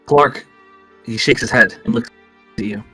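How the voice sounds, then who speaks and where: A man's voice: medium pitch, a little slow, slightly rough, faint music behind. Man running a tabletop game. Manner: steady descriptive narration. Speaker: game master.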